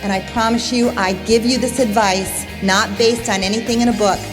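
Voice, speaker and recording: A woman's voice: fairly high pitch, fairly even intonation, normal speed, over music. A woman giving an emphatic motivational speech on stage, addressing her audience as "gang". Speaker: motivational conference speaker. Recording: echoey hall.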